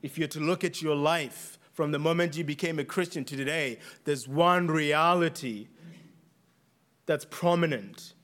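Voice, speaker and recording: Man, preacher, accented english, emphatic sermon, slightly high voice. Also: a bit bright. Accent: non-native English accent. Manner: earnest, emphatic with deliberate repetition.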